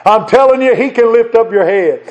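A man's voice: very high-pitched, moderate pace, darkish tone, muffled recording. A man preaching a sermon in an earnest, conversational way, repeating short phrases for emphasis.

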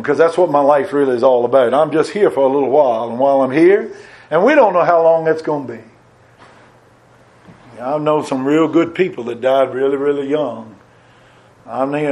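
A man preaching a sermon, folksy and plain-spoken, rising to emphatic peaks and then dropping low and quiet.

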